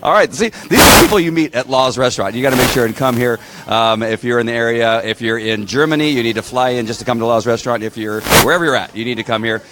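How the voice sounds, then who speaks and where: A man's voice: mid-range voice, quick pace, hardly any pauses, very noisy. A man hosting a casual live stream from a restaurant bar, chatting with viewers and rambling as he reads their comments. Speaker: livestream host.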